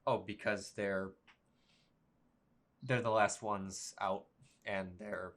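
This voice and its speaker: A man running a tabletop game as game master, talking haltingly with many fillers. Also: on the low side, level tone, a bit bright.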